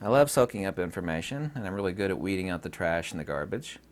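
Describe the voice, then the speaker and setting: A man's voice: low voice, expressive, quick pace. A man from the United States talking straight to his viewers in an emphatic, ranting monologue. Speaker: vlogger. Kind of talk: casual monologue to camera.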